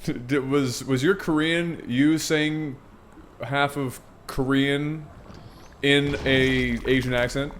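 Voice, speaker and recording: A game commentator casts a video game match in casual esports style, joking, irreverent and swearing now and then. His voice is medium-pitched, steady and a bit bright, at a slow pace, with slight background noise.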